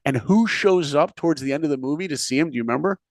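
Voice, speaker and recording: A man on a podcast, telling stories in an animated way, acting out characters' lines and quizzing the host. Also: a little high, fast, no room sound. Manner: animated, acts out characters' lines, asks the listener questions. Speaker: podcast guest, speaker and filmmaker. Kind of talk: animated storytelling in conversation.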